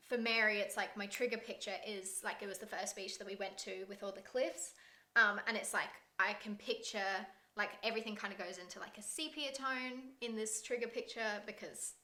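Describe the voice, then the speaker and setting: A woman's voice: mid-range voice, bright, forceful tone. A woman chatting casually, saying "like" often and laughing easily. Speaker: singer and performer. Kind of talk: casual chat. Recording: roomy echo.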